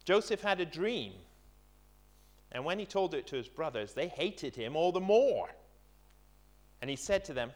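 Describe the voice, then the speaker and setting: A middle-aged man preaching a conversational sermon, pausing on fillers and reading scripture aloud. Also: on the high side, very animated.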